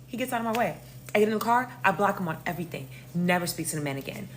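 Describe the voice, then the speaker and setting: Animated young New woman telling a story. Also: mid-range voice, rapid-fire, slight background noise. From New York. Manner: animated, slangy and profane, addressing listeners as y'all. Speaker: storyteller host. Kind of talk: casual storytime vlog.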